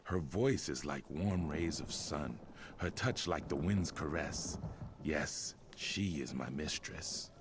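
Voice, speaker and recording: Fawning, fixated game servant; very deep, faint ambience behind. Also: male voice, slow pace, slight background noise. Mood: adoring. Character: devoted male servant sweeping for his mistress.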